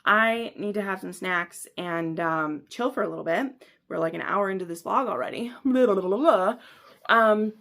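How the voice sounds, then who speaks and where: A woman's voice: medium pitch, moderate pace, vocal fry, pushed and bright. A woman book vlogger reading passages aloud and reacting with gushing enthusiasm between them.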